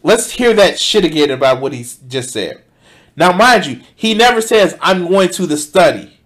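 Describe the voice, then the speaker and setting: A man streaming himself as he reacts to a video, talking casually and profanely and breaking into sudden loud outbursts. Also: high-pitched, animated, normal speed. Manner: reads out donation thanks.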